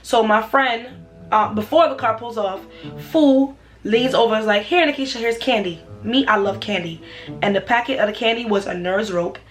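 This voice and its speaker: A young woman, telling a personal story for her vlog in an animated, slangy way. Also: fairly high pitch, moderate pace, faint music behind. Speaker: vlogger.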